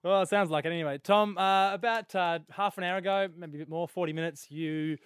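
A man co-hosts a radio show, needling his partner in a mock-serious tone. His voice sits a little high and sounds dry and close on the studio mic. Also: steady tone, a little fast, clear, resonant tone, no room sound. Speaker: radio co-host. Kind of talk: radio banter.

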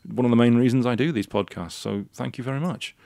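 Gravelly, stammering male podcast host. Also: medium pitch, quick pace, mellow, dry recording, clean studio sound. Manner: eager, stammering restarts. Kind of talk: podcast interview talk.

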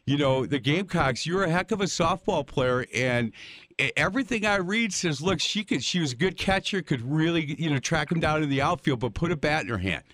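Animated older male storyteller. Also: fairly high pitch, fairly quick, dry recording. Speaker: interview host. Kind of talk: casual conversational interview.

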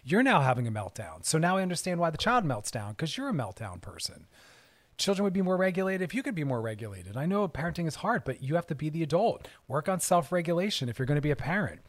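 A man's voice: fairly high pitch, big pitch swings, quick pace. A man giving an earnest talk on emotions and parenting, speaking in an emphatic, direct, coaching way.

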